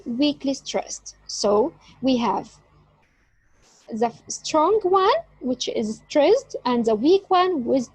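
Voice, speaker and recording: A woman giving an online English lecture, explaining word stress with slow, emphatic examples. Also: high-pitched, slightly rough, no room sound, rough recording. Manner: slow, emphatic teaching delivery. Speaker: English teacher.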